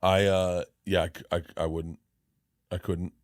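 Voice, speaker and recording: Low-voiced rambling man. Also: little pitch movement, measured pace, no room sound, studio quality. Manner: rambling, self-deprecating storytelling with many restarts. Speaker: comedian guest. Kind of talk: casual podcast chat.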